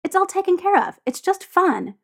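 A woman's voice: extremely high pitch, very animated, normal speed, vocal fry, voice pushed up, full character voice. A woman reading aloud and voicing a brash, theatrical young man who teases and snaps. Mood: angry. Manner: theatrical, mocking, then snapping. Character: brash teasing young man, hot-tempered.

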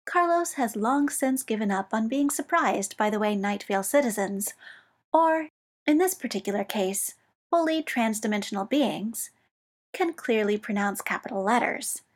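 Reading a work of fiction, a woman narrates in a slow, soft, measured way, occasionally sinking to a whisper. Her voice is a little high and animated.

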